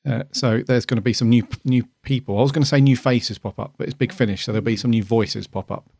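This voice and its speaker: A man's voice: mid-range voice, fairly even intonation, fast talker, gravelly, darkish tone, dry recording, clean studio sound. A man co-hosting a casual podcast, jokey and chatty, laughing often and restarting sentences. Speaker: podcast co-host.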